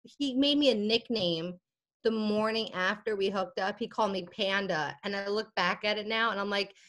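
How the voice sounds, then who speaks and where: A woman's voice: medium pitch, normal speed. A young woman guest on a podcast telling a story in casual chat, acting out the dialogue as she goes. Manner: animated, acts out quoted dialogue, laughs often.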